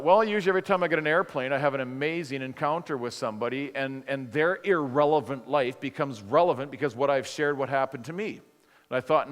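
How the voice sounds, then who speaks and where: A man preaching a sermon as a lively, conversational story, acting out both sides of a dialogue. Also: mid-range voice. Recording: long hall reverb.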